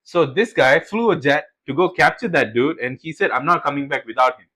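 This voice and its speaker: Animated young man telling stories. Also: a little high, a little fast, poor audio. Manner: animated storytelling, swears, acts out quotes. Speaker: podcast co-host. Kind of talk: casual chat.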